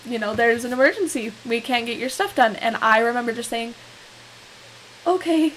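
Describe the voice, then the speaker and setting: A woman's voice: fairly high pitch, brisk, a bit bright, poor audio. Giggly young woman telling a story. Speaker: podcast co-host. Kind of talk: casual storytelling chat. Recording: faint hiss.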